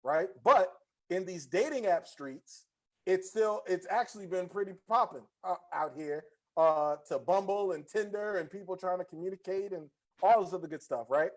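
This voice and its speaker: A man's voice: high-pitched, normal speed. A man hosting a casual podcast chat, slangy and talkative, often repeating his words as he tells a story. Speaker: podcast host.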